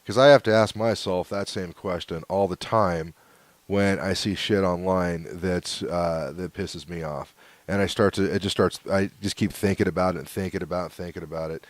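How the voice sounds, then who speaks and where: A man's voice: low voice, steady tone, normal speed, no echo. A man hosting his own podcast, rambling casually through hate mail with lots of fillers and chuckles. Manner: laid-back and rambling, with frequent fillers and chuckles. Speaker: podcast host.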